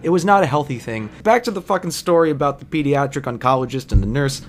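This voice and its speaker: A man's voice: mid-range voice, animated, fast. A man tells a rambling story about his bartending job in a mid-range voice. He swears often and breaks off into digressions. He looks back on his own behavior with wry reflection. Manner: digressive, profane, self-reflective. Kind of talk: personal storytelling monologue.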